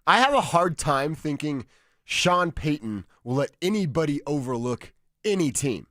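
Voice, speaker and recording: Man from Colorado, sports radio co-host, lively pitch, dry studio sound, casual banter. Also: no echo. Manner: animated, quick asides and restarts. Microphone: studio microphone.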